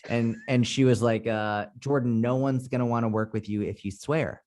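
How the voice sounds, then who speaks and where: A man's voice: medium pitch, steady tone, normal speed, darkish tone. A man from Boston talking on a podcast as a guest coach, blunt and candid, swearing freely. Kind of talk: casual podcast conversation.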